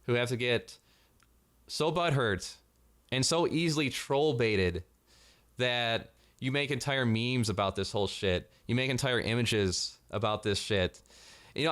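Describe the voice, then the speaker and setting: Male vlogger, mid-pitched, sarcastic and foul-mouthed, exasperated ranting commentary. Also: animated, normal speed, a bit bright. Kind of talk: commentary rant.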